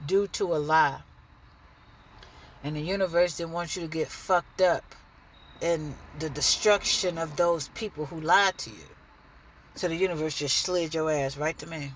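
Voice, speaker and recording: A woman's voice: low voice, unhurried, a little hiss or hum. A woman giving a blunt, profane, preachy monologue straight to the camera in her own vlog. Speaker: dancer and vlogger.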